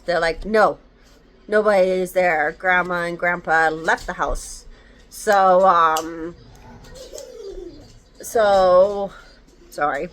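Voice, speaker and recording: A woman's voice: fairly low pitch, fairly even intonation, slow, long pauses, a bit bright. A woman casually retelling a horror novel's plot in a rambling way, full of fillers and quoted dialogue. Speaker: book reviewer. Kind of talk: casual book review recap.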